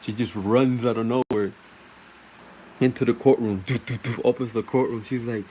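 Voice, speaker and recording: A man's voice: medium pitch, moderate pace, darkish tone, a little hiss or hum, rough recording. A man telling a crude comic story in a rambling way, full of fillers and laughter.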